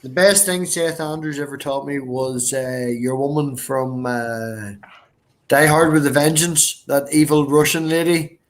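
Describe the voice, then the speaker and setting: Man, higher voice, host, teasing, swears, laptop mic, casual chat. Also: fairly even intonation, a little slow. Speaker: live stream host.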